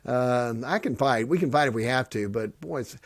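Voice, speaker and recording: A middle-aged man hosting a podcast, joking and sarcastic, swinging between loud bits and soft earnest talk. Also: mid-range voice, normal speed, dry recording. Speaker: podcast host and pastor. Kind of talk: casual podcast monologue.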